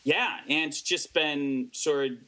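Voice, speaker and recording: A man's voice: fairly high pitch, slow, bright, forceful tone, slight background noise. Dry teasing guy in a comics chat, little clicks in the background. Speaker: co-host. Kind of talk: casual chat.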